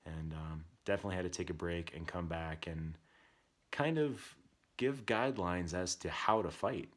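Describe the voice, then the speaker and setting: Deep-voiced man telling a story. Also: normal speed. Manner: reflective, candid parenting talk. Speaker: podcast host. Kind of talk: casual storytelling.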